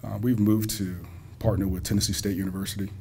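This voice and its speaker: A man's voice: fairly low pitch, level tone, fast, darkish tone, slight background noise. Folksy man giving a banquet speech. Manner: folksy, joking, talks directly to the audience. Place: school hall at a banquet.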